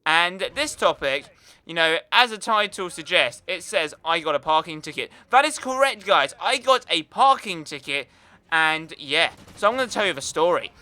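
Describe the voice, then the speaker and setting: A young man from the United Kingdom rambles through a long anecdote for his gaming YouTube channel, chatty and heavy on fillers as he tells the story over gameplay. His voice is very bright and smooth, sitting a little high.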